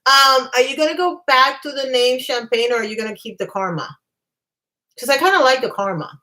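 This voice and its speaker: A woman's voice: sits high, a little fast, bright, forceful tone. A woman hosting a casual livestream, talking in a chatty, emphatic way and reacting to her live chat. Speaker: livestream host.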